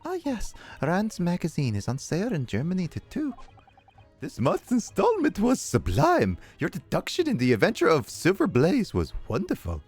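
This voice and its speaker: A man doing a gushing, squeaky fan. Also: wildly swooping pitch, moderate pace, darkish tone, husky, soft background music, heavily acted. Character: excitable admirer gushing over a detective.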